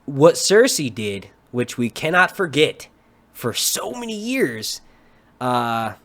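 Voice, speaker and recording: A young man hosting a live stream, ranting casually and excitably about a TV episode, swearing often and wandering off into run-on asides. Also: mid-range voice, slow. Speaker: livestream host reviewing a TV episode.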